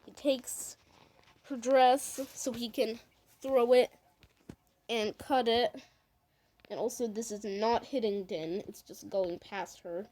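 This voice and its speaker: A woman's voice: on the high side, fairly even intonation, slow pace, long pauses, mellow, a little hiss or hum, rough recording. A woman casually talks through her own animation scene by scene, rambling and stringing events together with "and then". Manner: rambling, chains "and then he's like". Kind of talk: casual commentary over a video.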